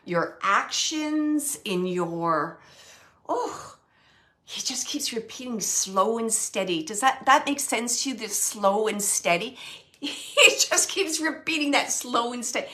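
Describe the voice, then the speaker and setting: Woman medium mid-reading, animated and searching, fairly high, bright and forceful. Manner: animated, relays spirit messages in quoted speech; searching, self-correcting phrasing. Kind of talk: live psychic reading for an audience member.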